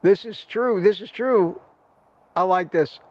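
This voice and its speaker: Upbeat high-voiced male livestream host. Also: slow pace, dull audio. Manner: laughing, upbeat, repeats himself. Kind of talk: casual group chat.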